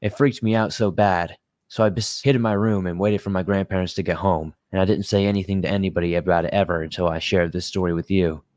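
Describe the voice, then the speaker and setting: A man reading a creepy first-person story aloud in a steady, measured narration. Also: deep voice, no echo.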